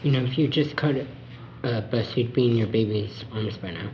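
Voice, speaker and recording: A man acting out a sarcastic, dismissive airline agent in a mid-pitched voice. The recording sounds a little dull. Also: fairly quick, slight background noise, natural voice. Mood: snide. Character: snide second airline agent.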